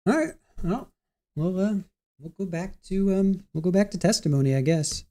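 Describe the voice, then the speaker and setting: Sitting at his home computer, a streamer passes the time before a court hearing resumes by chatting with people in his chat, frequently losing his thread and restarting. He speaks at a moderate pace in a high, expressive voice with a dark tone.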